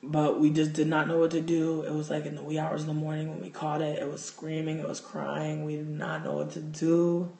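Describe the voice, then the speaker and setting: Profane, animated man telling a story. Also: on the high side, brisk, gravelly, few pauses. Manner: animated, profane, gets loud and excited in the telling. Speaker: livestream host. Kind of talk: casual storytelling. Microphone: phone. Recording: roomy echo.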